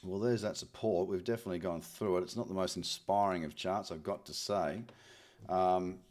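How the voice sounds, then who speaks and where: Chatty Australian man, low voice. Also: fairly even intonation, normal speed, darkish tone. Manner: chatty, upbeat, repeats words often. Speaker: trading stream host. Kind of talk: live chart scan with chat replies.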